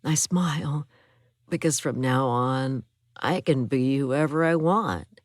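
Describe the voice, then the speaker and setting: Woman reading a thriller audiobook, low slow measured voice, dry close mic. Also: no room sound. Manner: measured, even storytelling. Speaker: audiobook narrator. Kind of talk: scripted first-person narration.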